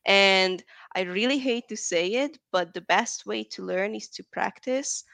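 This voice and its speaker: Creaky-voiced woman from Texas. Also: mid-range voice, measured pace, a bit bright, no echo. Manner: chatty, rambling, laughs often. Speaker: interview guest. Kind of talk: casual interview chat.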